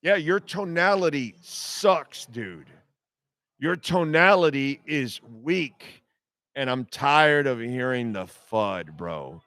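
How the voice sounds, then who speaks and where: Male sports talk host, heated profane rant, slow delivery, smooth voice, dry sound. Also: mid-range voice, expressive, fairly bright tone, no room sound. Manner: blunt, heated, profane, repetitive jabs. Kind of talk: ranting sports talk monologue.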